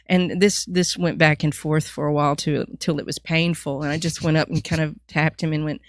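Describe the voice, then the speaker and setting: A woman's voice: low voice, fairly even intonation, normal speed, dry recording. A middle-aged woman from Alabama with a Southern accent, a guest telling stories with dry wit in a casual chat. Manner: dry witty storyteller. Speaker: podcast guest.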